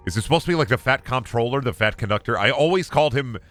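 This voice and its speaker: Lively, bright-voiced streamer man. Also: mid-range voice, fast talker, soft background music. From United States. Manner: rambling, profane, joking asides. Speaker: streamer playing a video game. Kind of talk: casual gaming commentary.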